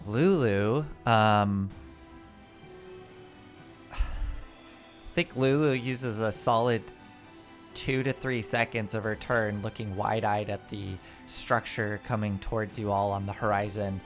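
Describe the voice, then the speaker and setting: A man narrating as game master for a tabletop game, halting and relaxed with many fillers. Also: on the low side, soft background music.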